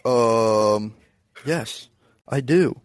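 A man's voice: mid-range voice, very slow, dry recording. A man from the US East Coast calling in to troll a live show, drawling and saying bro constantly. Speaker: caller. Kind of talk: trolling call-in chat.

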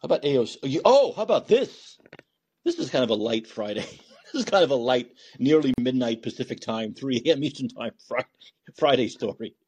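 A man hosting a podcast, talking alone in sarcastic, animated political commentary, swearing and thinking out loud. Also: medium pitch, fairly quick, husky. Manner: animated and sarcastic, mocking voices of opponents. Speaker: podcast host.

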